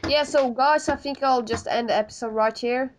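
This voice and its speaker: A woman's voice: high voice, background noise. A woman hosting casual gaming commentary, giggly and laid-back, yelping at what happens in the game. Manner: giggly, slow-spoken, yelps at game events. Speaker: host.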